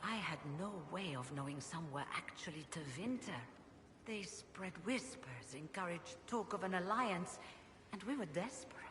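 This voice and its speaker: Brief: older woman mage, former rebel leader, measured and regretful, lowish voice, roomy reverb, game ambience underneath. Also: animated, a bit bright, a little hiss or hum. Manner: measured, wistful, reflective. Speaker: game character.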